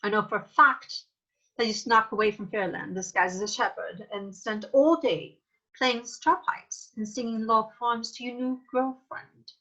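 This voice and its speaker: A woman's voice: mid-range voice, takes it slowly, sharp tone, highs cut off. A woman voicing a proud, jealous fairy queen who speaks in an imperious, accusing way. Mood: scornful. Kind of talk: theatrical acting demo.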